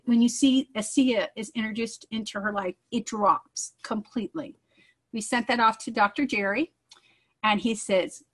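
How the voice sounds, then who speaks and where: A woman's voice: a little high, fairly bright tone, low-quality recording. A woman, a mother, giving an earnest personal testimonial in a conversational storytelling way. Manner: earnest, acts out quoted dialogue.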